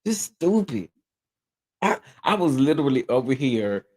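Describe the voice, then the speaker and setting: A sassy man chats live with his viewers about celebrity gossip, his voice swooping high with exclamations and laughing a lot. He keeps asking "okay?" in a quick, dramatic way. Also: very animated, darkish tone, breathy edge. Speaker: host of a gossip commentary livestream. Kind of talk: live commentary chat.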